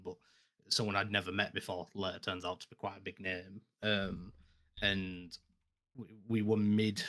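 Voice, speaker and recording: A man as a guest in a casual podcast chat, measured and halting, stumbling over his starts. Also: deep voice, a bit bright.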